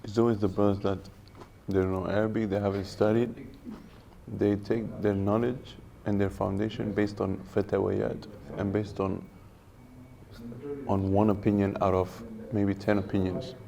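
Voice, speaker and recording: A man's voice: lowish voice, level tone, normal speed, vocal fry, crowd noise. A young man vlogging casually, telling laid-back, slangy stories and laughing along. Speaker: vlogger and Arabic teacher. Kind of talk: casual storytelling vlog.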